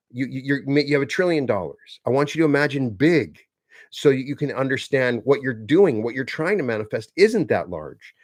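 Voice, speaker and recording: A man's voice: medium pitch, no echo. Earnest man teaching with dry sound. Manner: earnest, slow and emphatic, repeats phrases for stress. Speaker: self-help teacher. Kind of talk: motivational teaching talk.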